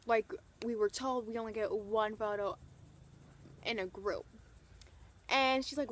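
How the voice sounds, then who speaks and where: A young woman vlogger gushing through an excited storytime, full of "like" and retold quotes. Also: on the high side, moderate pace. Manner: gushing, breathless retelling full of "like".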